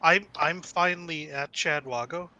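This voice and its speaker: A man's voice: a little high, unhurried, muffled recording, crowd noise. A man chatting casually as a podcast guest, playful and mock-indignant. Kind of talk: casual chat.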